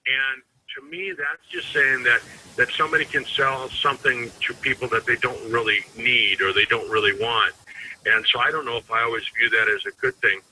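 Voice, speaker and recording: A man's voice: medium pitch, animated, moderate pace, pushed and bright, slight background noise, low-quality recording. A man giving an informal sales training talk as a network marketing team trainer, rambling and conversational with frequent restarts.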